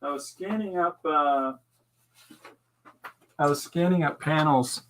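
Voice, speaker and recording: A man's voice: on the high side, takes it slowly, a bit bright. A man hosting a podcast, chatting loosely, joking and laughing often. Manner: jokey, laughs often, breaks into impressions. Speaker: podcast host. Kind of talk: rambling casual chat.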